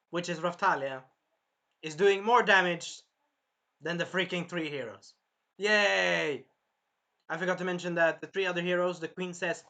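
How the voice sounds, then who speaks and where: A man with a high, sharply bright voice talks through an episode recap in a loose, rambling way. He sounds a little tired and keeps circling back with fillers as he goes. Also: moderate pace. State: tired, clearing his throat. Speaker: anime reviewer.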